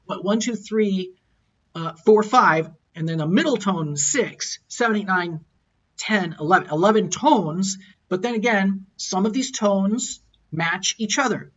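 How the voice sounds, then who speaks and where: A man's voice: sits high, measured pace, fairly bright tone, lo-fi sound, a little hiss or hum. A man teaching a recorded lecture, explaining and repeating words as he models tones aloud. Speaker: language teacher.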